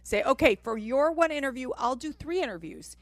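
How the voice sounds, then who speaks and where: A woman co-hosts a talk radio show, emphatic and opinionated. Her voice sits a little high and sounds dry and close. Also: lively intonation, brisk, dry recording. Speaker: radio co-host. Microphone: studio microphone.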